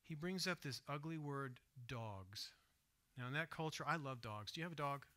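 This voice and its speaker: A man preaching a sermon in church, swinging between hushed, soft retelling and loud, emphatic asides, and asking his listeners direct questions. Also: fairly high pitch, expressive, normal speed. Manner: asks the congregation direct questions. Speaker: pastor. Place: church sanctuary.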